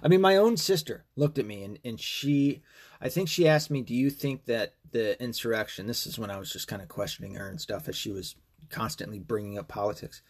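A man's voice: lowish voice, fairly quick, breathy edge. A man hosting a podcast, talking in a casual, rambling and profane rant. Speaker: podcast host. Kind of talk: casual monologue.

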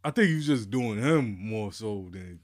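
A man's voice: on the low side, expressive, moderate pace. A man co-hosting a podcast, laid back and chatting casually about hip hop, saying yeah and yo a lot. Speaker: podcast co-host.

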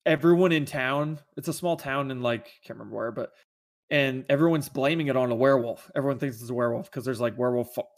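A man's voice: mid-range voice, quick pace. A man chatting casually about movies as a podcast co-host, rambling and enthusiastic, with many restarts.

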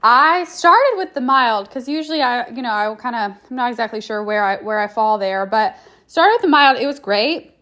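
A woman's voice: on the high side, expressive, moderate pace, sharp tone. A woman chatting casually in a rambling way, with many fillers and restarts, telling a food review story. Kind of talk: casual chat.

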